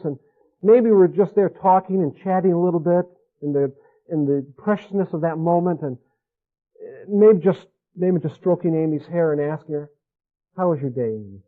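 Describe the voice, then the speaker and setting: A man giving an earnest radio sermon to fathers, pressing his points and repeating key phrases. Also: on the high side. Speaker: speaker teaching fathers. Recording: tinny phone-like radio audio.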